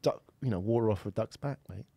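A man's voice: fairly low pitch, fast talker, vocal fry, warm tone, breathy edge, dry recording. Teasing male podcast host. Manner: teasing, jokey, pushes the others to decide. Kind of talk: casual panel chat.

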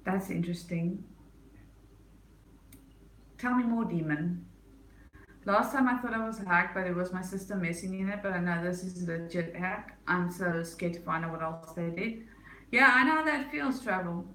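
Bright playful woman livestreaming in an echoey room. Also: fairly low pitch, a little slow, pauses often. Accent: non-American. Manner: playful, teasing, laughs often. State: has a headache. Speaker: livestreamer reading chat. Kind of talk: casual livestream chat.

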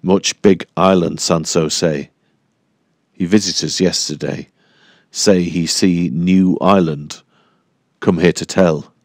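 A man voicing an adult island man who speaks slow, halting, broken English in an audiobook. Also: low-pitched, steady tone, no echo, studio quality. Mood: earnest.

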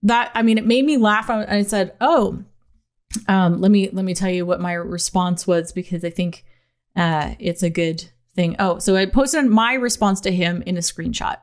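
A woman co-hosting a podcast in casual chat, telling stories in an animated way with laughs. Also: medium pitch, normal speed. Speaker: podcast co-host.

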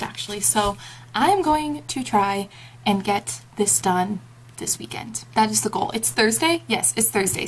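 A woman's voice: a little high, slight background noise. A young woman chatting casually in a reading vlog from home, giggly and gushing, on a camera mic. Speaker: book vlogger.

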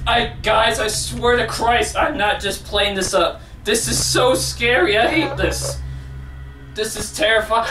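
A woman's voice: a little high, a little slow, roomy sound, distant mic, music in the background. A woman gamer at home commentating a horror game, jumpy and swearing, often screaming. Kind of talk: let's play commentary. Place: at home, indoors.

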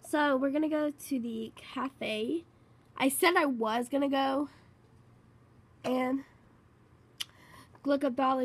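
A woman giving casual gameplay commentary, excitable and rambling, repeating herself a lot. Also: sits high, breathy edge. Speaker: gaming channel host.

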